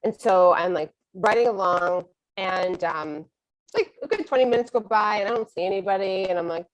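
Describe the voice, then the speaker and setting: A middle-aged woman telling a personal story, animated and self-mocking, acting out her own thoughts. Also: mid-range voice, moderate pace, low-quality recording.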